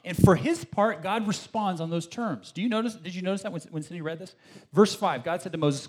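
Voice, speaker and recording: A man preaching a sermon in a relaxed, conversational way, with asides to the congregation and quoted voices. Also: high-pitched, brisk, slightly rough. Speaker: pastor.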